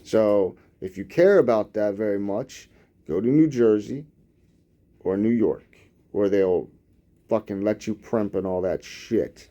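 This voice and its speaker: Slow, mellow-voiced profane man. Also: lowish voice, lo-fi sound. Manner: profane, sarcastic, rambling. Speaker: host reading news with commentary. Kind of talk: casual news commentary.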